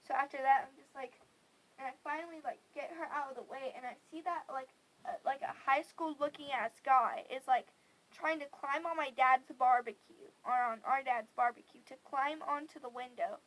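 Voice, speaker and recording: A young woman vlogger telling a story in animated, profane casual chat, full of 'like'. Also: high voice, vocal fry, low-quality recording.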